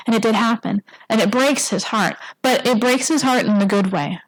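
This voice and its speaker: A woman's voice: a little high, moderate pace, hardly any pauses, no echo, low-quality recording. Woman preaching in a dry, close sound. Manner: casual, asks the congregation "right?" often; acts out quoted lines in a livelier voice. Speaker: church speaker. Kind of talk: conversational sermon. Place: church sanctuary.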